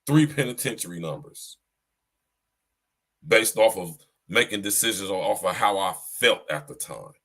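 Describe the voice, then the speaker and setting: On a livestreamed podcast, a male host lectures his audience in a preachy, repetitive way, speaking directly to them. His voice sits on the low side and sounds animated and a bit bright, at a normal speed.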